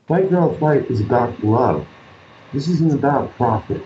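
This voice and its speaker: A man's voice: mid-range voice, lively intonation, unhurried, mellow, a little hiss or hum. A man, an artist guest in an interview, telling stories in an earnest, rambling way. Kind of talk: casual interview talk. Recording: roomy, dull lo-fi sound.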